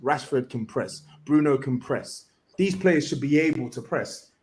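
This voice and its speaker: A man's voice: mid-range voice, expressive, unhurried, darkish tone. Insistent London man. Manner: insistent, repeats himself. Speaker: podcast co-host. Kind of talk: casual football chat.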